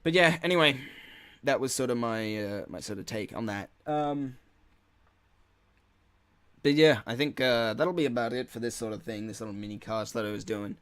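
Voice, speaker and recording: A man's voice: mid-range voice, moderate pace, long pauses, a bit bright, smooth, no echo. A man hosting his own gaming channel, ranting in a casual solo podcast with many filler words and frequent swearing. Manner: rambling, frustrated, heavy swearing and filler words.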